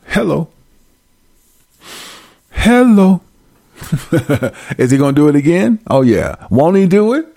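Gravelly preaching man, dry sound. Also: mid-range voice, a little mellow, no room sound. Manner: emphatic, slangy, acts out frightened voices. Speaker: street preacher. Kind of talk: informal preaching and scripture reading.

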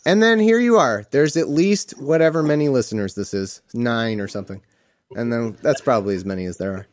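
A man's voice: mid-range voice, fairly quick, dry recording, studio quality. A man hosting his own podcast, chatting casually with listeners, laughing often and swearing freely in a self-mocking way. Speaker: podcast host.

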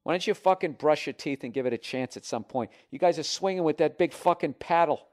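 A man hosting a comedy podcast, ranting with heavy swearing and swinging between loud outbursts and muttered asides. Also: a little high, a little fast. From United States. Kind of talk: ranting comedy podcast, reading listener emails.

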